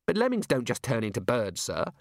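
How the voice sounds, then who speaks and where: A man's voice: mid-range voice, huge pitch swings, fairly quick, no room sound, clean studio sound. A man voicing a patient, nervous young male wizard scholar who objects carefully.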